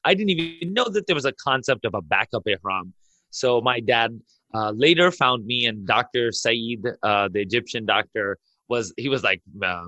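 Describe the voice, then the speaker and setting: A man with a bright, forceful voice recounts a story in a podcast chat. He is excitable, laughs between lines and rushes in bursts. The sound is close and dry. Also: medium pitch, dry recording, highs cut off. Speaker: imam and podcast guest.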